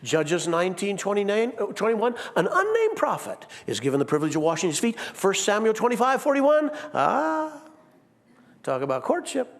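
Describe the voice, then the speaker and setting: A man preaching a sermon in a church, animated and playful, acting out quotes with big swings in his voice. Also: high-pitched, moderate pace. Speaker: pastor. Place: church sanctuary. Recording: long reverb of a church hall.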